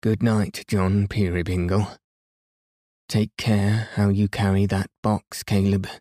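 Brief: man voicing a sour toy merchant, low and muttering, storybook reading. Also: little pitch movement, takes it slowly, warm tone, no echo, studio quality. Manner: muttering, curt.

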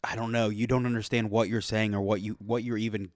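A man's voice: fairly low pitch, level tone, quick pace, no room sound, clean studio sound. A man in casual late-night chat who talks bluntly and rants with a lot of swearing.

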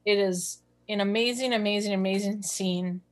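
A woman from southeastern Wisconsin co-hosts a podcast at a moderate pace, her mid-range voice fairly even in intonation. She's chatty and enthusiastic in casual conversation, often repeating words for emphasis.

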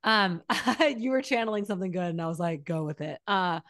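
A millennial woman in her thirties, talking in a rambling, animated way with lots of "like", as a podcast guest. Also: on the low side, a little fast, no room sound, studio quality. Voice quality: animated, rambling, says "like" often. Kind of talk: casual chat.

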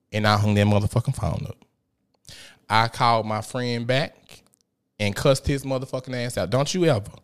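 A man in his thirties hosting a podcast, telling a personal story in a candid, profane, emphatic way with dramatic swings in delivery. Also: mid-range voice. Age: 30s. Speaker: podcast host.

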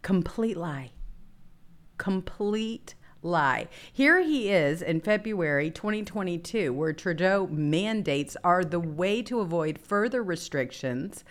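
A woman hosting a casual political talk show, indignant and quick to laugh as she reads quotes and reacts. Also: fairly low pitch, animated. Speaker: host.

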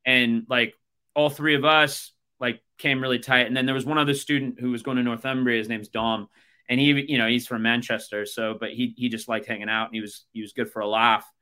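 Bright-voiced American man telling stories. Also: mid-range voice, flat delivery, fairly quick, clear, resonant tone. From United States. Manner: rambling storytelling full of fillers. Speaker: podcast host. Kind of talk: casual chat.

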